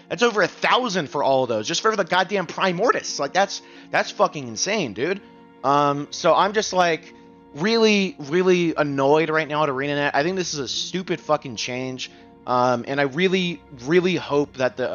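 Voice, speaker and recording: Heated, profane young gaming YouTuber. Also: male voice, fairly high pitch, fairly bright tone, dull audio. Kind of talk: angry rant.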